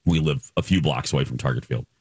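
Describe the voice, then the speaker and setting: A man's voice: extremely low pitch, fast talker, a little mellow, breathy edge, no room sound. A man hosting a morning radio show in casual chat, telling stories with gleeful, playful exaggeration.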